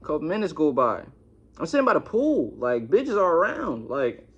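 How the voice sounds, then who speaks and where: Young man, storytime vlog, slangy, cursing, a bit high, lo-fi dull recording. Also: normal speed, breathy edge. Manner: animated, slangy retelling with lots of cursing. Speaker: vlogger.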